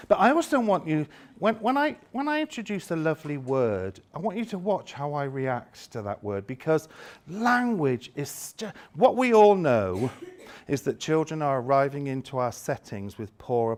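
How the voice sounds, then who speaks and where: A man leads a workshop full of volunteers, his voice swooping up and down with theatrical delight. He speaks slowly, teasing the helpers and savouring each word. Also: on the high side. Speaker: education trainer leading a seminar. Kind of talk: lively workshop demonstration with volunteers.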